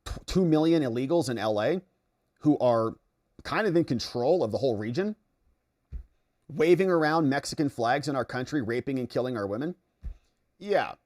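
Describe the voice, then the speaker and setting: A man from the United States hosting a political commentary livestream, reading viewer chat aloud and reacting. He swings between excited outbursts and low mutters. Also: moderate pace, long pauses. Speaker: livestream host.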